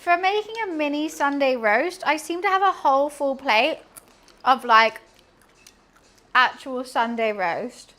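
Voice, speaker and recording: A woman's voice: high voice, measured pace, sharp tone. A young woman chatting casually while cleaning and cooking in her home kitchen, rambling and humming to herself. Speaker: streamer.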